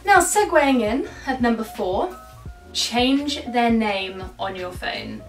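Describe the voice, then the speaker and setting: A woman's voice: fairly high pitch, big pitch swings, slow. A young woman giving chatty, self-mocking advice to camera in a vlog. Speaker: vlogger. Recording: echoey room, mic at a distance, faint music.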